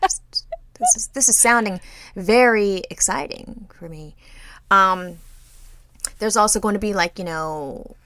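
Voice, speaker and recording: A woman's voice: mid-range voice, animated, takes it slowly, long pauses, fairly bright tone, no room sound. A woman in her thirties co-hosting a podcast, venting in casual chat with anxious, rambling sarcasm. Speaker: podcast co-host.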